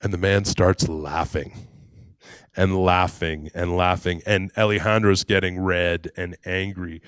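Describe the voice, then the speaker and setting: Brief: man, storytelling talk, lowish voice, dry close sound. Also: fairly even intonation, a little slow, fairly bright tone, smooth, no echo. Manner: conversational, with fillers and acted quotes. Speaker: speaker.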